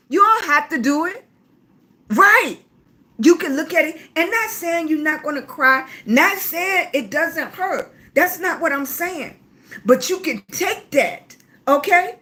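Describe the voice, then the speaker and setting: A middle-aged woman hosting a casual livestream, chatting freely with viewers and calling them baby, with an occasional cough. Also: high-pitched. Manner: talkative, warm-hearted, calls viewers baby. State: coughing at times. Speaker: livestream host.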